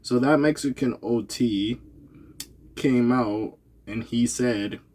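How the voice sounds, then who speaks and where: A man's voice: mid-range voice, slow pace, darkish tone. A man giving casual, rambling vlog commentary, loose and slangy, laughing and correcting himself, tired and yawning. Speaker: commentary vlogger.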